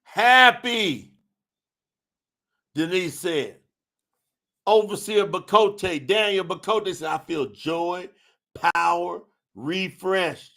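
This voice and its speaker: A man's voice: high voice, drawn-out words, gravelly, pauses often. A man hosting a religious livestream, reading chat comments aloud and preaching. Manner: animated, preacher-like, shouts at times. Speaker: religious talk host.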